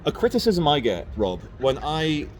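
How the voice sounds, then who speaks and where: A man's voice: fairly high pitch, huge pitch swings, normal speed, slight background noise. A man hosting a casual street interview, talking in an earnest, emphatic way. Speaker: video host.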